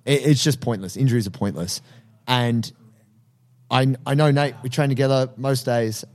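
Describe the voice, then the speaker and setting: Aussie guy on a podcast, chatty and animated, jumps into voices for what he said, middle pitch. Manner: animated storyteller, acts out his own reactions. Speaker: podcast co-host and jiu-jitsu coach. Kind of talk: casual podcast chat.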